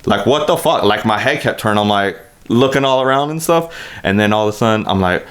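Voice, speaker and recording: Guy on a podcast rambling thru a crash story, lots of cussing, lowish voice. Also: quick pace, clear, resonant tone. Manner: animated, profanity-heavy, rambling storyteller. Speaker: podcast co-host. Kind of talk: casual storytelling chat.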